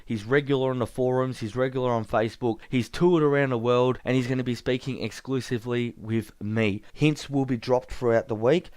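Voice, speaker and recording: A man's voice: medium pitch, darkish tone, no echo. A man hosting a casual podcast, chatty with frequent ums. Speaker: podcast host.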